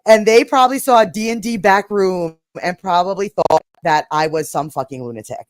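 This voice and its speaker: A woman from New York hosting a livestream, telling a story in a casual, animated way and swearing freely. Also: medium pitch, moderate pace, dry recording. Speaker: livestream host.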